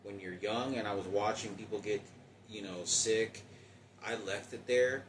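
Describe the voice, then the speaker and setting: A man in his forties talking in a halting, rambling personal monologue with many restarts. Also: lowish voice, fairly even intonation, roomy sound, distant mic, slight background noise, rough recording. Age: 40s.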